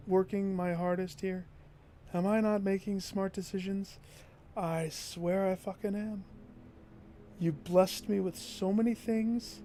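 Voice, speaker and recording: A man streaming a video game, thinking out loud and talking to himself and his viewers as he plays. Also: high-pitched, steady tone, takes it slowly, faint music behind. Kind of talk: gameplay commentary.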